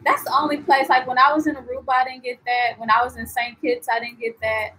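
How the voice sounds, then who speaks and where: Young adult woman, travel vlogger on a live stream: chatty and animated, a touch high-pitched, with light ambient noise. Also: fast talker, poor audio. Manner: chatty and animated, heavy on "like" and "you know"; reads and answers viewer comments. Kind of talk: casual live-stream chat.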